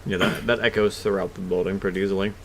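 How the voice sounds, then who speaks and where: A man narrating as game master of a tabletop game, explaining things quickly. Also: low-pitched, little pitch movement, fairly bright tone, slight background noise.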